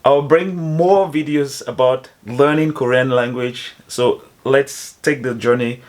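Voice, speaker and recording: A man explaining phrases to foreigners in a slow, careful teaching manner, spelling out each example. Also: medium pitch. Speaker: language teacher.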